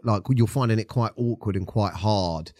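Low-voiced man, supportive. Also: moderate pace, darkish tone, no room sound, studio quality. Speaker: podcast co-host. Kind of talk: casual podcast advice. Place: podcast studio.

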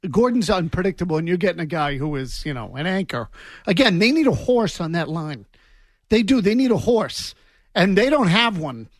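A man's voice: sits high, very animated, moderate pace, no room sound, clean studio sound. A man co-hosting a sports radio show, emphatic and incredulous. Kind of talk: call-in sports radio chat.

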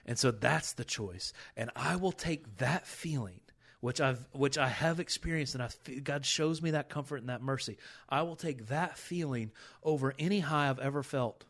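A man hosts a faith-based recovery podcast in candid conversation. He speaks earnestly and with feeling, often restarting his sentences as he reaches for words. His voice sits at an ordinary middle pitch. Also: normal speed, a bit bright. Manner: earnest and emotional, with many restarts. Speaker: podcast host at a rehab ministry.

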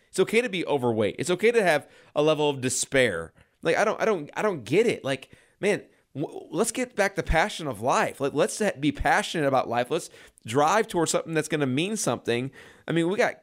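A man in his thirties, a chiropractor hosting a radio show, talking to listeners in an earnest, exhorting way with many repeats. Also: on the high side. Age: 30s. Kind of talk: impassioned radio talk.

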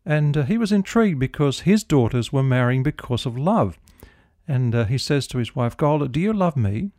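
Casting note: middle-aged minister, gentle storytelling, dry studio sound. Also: male voice, medium pitch, moderate pace, no room sound. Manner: gentle storytelling, prayerful close. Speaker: devotional host, minister. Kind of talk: radio devotional talk.

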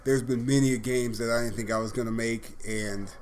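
A former pro football player telling stories in a casual interview, acting out what others said. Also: male voice, medium pitch, normal speed, slight background noise. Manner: animated anecdotes, acts out quoted voices.

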